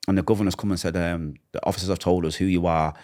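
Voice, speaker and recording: A low-voiced man with a Mancunian accent recounts his past at a quick, tumbling pace. He is middle-aged and acts out each exchange as he tells it, shifting into the voices of the people he is quoting. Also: steady tone, darkish tone. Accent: Mancunian English. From Manchester, England. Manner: emotional, vivid retelling with acted-out dialogue. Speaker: interview guest. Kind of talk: personal storytelling in an interview.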